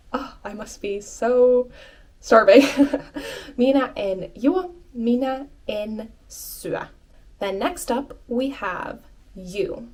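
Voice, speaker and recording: A woman teaches an online language lesson in an unhurried, deliberate rhythm. She repeats each phrase carefully, patient and encouraging, at a mid-range pitch. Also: a little mellow.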